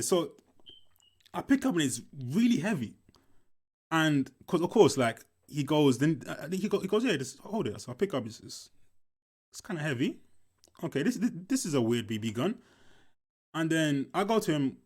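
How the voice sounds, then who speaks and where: A young man with a slightly high, animated voice speaks briskly as he reacts to a film. He casually tells a story from school along the way, swearing a lot and repeating himself.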